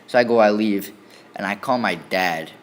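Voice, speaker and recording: Man telling a story, casual, rambling, lots of restarts, low-pitched, faint room hiss. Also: normal speed. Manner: rambling, many restarts and "you know"s. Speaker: student storyteller. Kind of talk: casual first-person storytelling.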